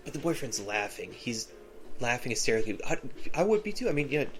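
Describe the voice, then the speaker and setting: A man's voice: medium pitch, sing-song, quick pace, soft background music. A man hosting a podcast, telling a personal story in a rambling, casual way full of fillers and restarts. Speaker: podcast host.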